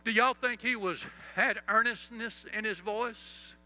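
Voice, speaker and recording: A man pastor preaching a sermon, leading the congregation in call-and-response and reciting scripture, sometimes dropping to a soft, slow voice for emphasis. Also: high-pitched, steady tone, faint music behind, rough recording.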